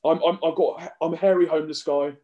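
Mellow-voiced man, rambling. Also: on the high side, steady tone, muffled recording. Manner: rambling, self-deprecating, halting restarts. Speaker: podcast co-host. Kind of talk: casual chat.

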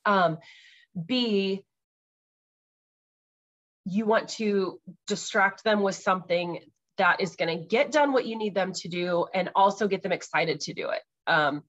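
Speaking at a measured pace with frequent pauses, a podcast host in her thirties chats casually about parenting in a mid-range voice, sprinkling in lots of ums and likes and laughing readily. The high frequencies are cut off.

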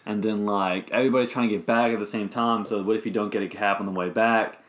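A man with a somewhat low voice speaks in an easygoing conversation among friends. He hesitates often and fills his pauses with ums and likes, then works his way to the point. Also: fairly even intonation, fairly bright tone. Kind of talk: casual chat.

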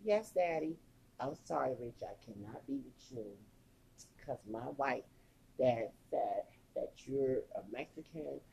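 A woman voicing an obedient young woman apologizing to her boyfriend, soft and hushed. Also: very deep voice, lively intonation, takes it slowly, vocal fry, breathy edge, voice pushed down, full character voice, rough recording. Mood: apologetic.

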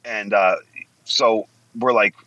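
A male guest in his forties tells stories bluntly in casual, profane fashion, swearing a lot and acting out what people said. His lowish voice is steady and sharp, and he takes it slowly. The recording is dry, with the highs cut off.

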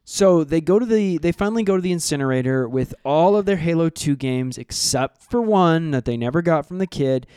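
A man co-hosting a comedy podcast, recapping an episode's plot in an animated way and slipping into silly voices. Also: fairly high pitch, brisk, few pauses, clear, resonant tone, dry recording, studio quality. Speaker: podcast co-host.

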